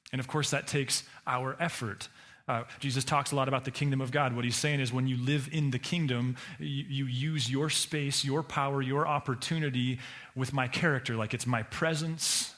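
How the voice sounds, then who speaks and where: Male pastor, middle-pitched, relaxed conversational sermon delivery with restarts. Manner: conversational preaching with frequent repeated words and restarts; acts out quoted voices with sudden pitch jumps.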